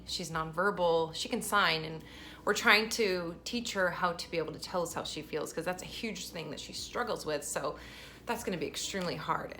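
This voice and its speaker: A mother talks straight to her viewers in a casual vlog, her voice bright and forceful. She tells her story in an animated, emotional way and laughs often between thoughts. Faint background noise sits under her voice. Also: fairly low pitch. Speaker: mother of a special-needs daughter. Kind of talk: casual personal vlog talk.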